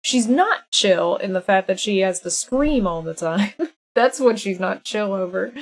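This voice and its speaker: A woman's voice: mid-range voice, animated, a little slow. A woman streaming a video game live, chatting casually, laughing often and scolding her cat between moves. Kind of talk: casual live-stream chat while gaming.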